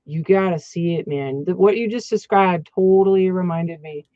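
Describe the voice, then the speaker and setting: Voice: mid-range voice, normal speed, dark tone, no room sound, dull audio. A podcast co-host in casual chat, making short remarks and pushing a movie recommendation.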